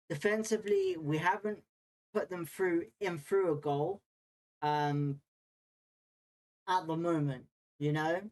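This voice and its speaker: A man hosts a live football watchalong in a loose, conversational way. He gives blunt, confident opinions and talks straight to his viewers as he works through their comments. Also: on the high side. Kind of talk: casual live match watchalong chat, reading viewer comments.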